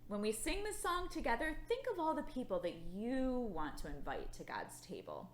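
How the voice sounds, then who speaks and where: A woman leading a children's Bible school lesson, speaking gently and playfully to young kids. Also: on the high side, slight background noise. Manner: slow, animated and playful, with yawns. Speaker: children's church leader. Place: church. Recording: echoey room.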